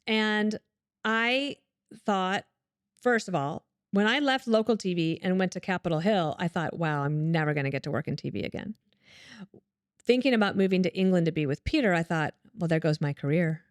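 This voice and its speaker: Animated woman telling stories in a dry studio. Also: lowish voice, no room sound. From Colorado, USA. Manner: animated storyteller who acts out quoted voices. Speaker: guest. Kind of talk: candid storytelling interview.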